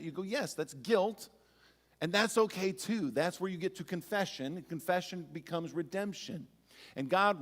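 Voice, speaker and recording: A male pastor giving a sermon in a conversational, storytelling way with touches of humor. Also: sits high. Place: church sanctuary. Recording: church sanctuary with long reverb.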